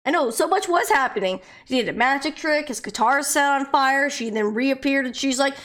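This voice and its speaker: A woman's voice: high voice, animated, fairly quick, hardly any pauses, a bit bright. A young woman streaming a game, chatting casually, laughing often and exclaiming as she acts out characters for a joke. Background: faint game music.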